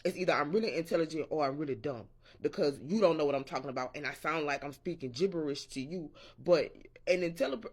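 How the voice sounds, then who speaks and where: A man's voice: a little high, fast talker, husky. A man in a casual morning-rant vlog, rambling and profane and interrupting himself as he talks. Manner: quotes imagined people in a raised voice. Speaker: vlogger.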